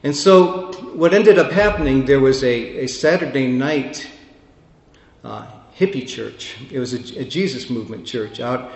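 A man preaching a personal testimony as a sermon, emotional, dropping to a hush and then swelling to fervent peaks. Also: mid-range voice, a little slow, highs cut off. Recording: echoey hall with long reverb.

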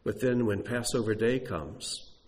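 A man's voice: on the low side, a little slow. Man preaching with emphatic storytelling. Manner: storytelling, emphatic, rhetorical questions. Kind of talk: sermon.

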